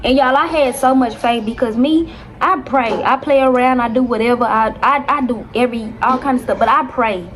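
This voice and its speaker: Animated young woman telling a storytime. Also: fairly high pitch, a little fast, a little hiss or hum. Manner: animated, dramatic retelling with constant "y'all". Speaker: vlogger. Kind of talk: casual storytime to viewers.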